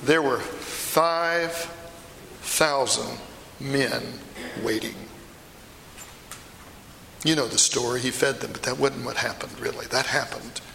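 A man's voice: medium pitch, takes it slowly, creaky, long pauses, bright, forceful tone, a little hiss or hum, full character voice. A man performing a first-person sermon monologue as the apostle Peter, telling the story emphatically with confiding asides, in an echoey hall. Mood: earnest. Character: the apostle Peter, blunt passionate middle-aged fisherman. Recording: echoey hall with long reverb.

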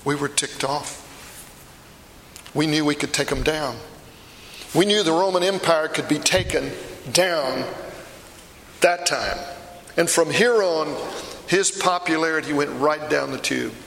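Passionate middle-aged fisherman apostle Peter, played by a man in a sermon, bright edge, long hall reverb. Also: on the high side, unhurried, vocal fry, long pauses, slight background noise. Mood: earnest. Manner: storytelling, emphatic, confiding asides. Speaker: preacher performing a first-person monologue. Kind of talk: dramatic monologue sermon.

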